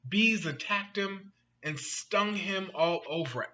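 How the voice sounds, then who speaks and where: A man reading a picture book aloud to children, animated and asking the listeners questions. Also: high voice, slow pace, highs cut off. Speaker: storyteller.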